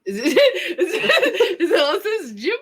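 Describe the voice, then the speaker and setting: A woman's voice: very high-pitched, sing-song, slow. A woman co-hosting a casual podcast, teasing her partner bluntly and giggling often. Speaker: podcast co-host.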